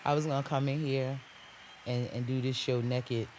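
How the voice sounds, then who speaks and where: A man hosting a casual podcast, reacting loudly with exclamatory, profane banter. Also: medium pitch, flat delivery, moderate pace, slight background noise. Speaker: podcast host.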